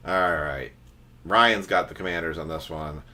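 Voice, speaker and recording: A man's voice: low-pitched, unhurried, pushed and bright. A man hosting a trading card break livestream, chatting casually and teasing his viewers.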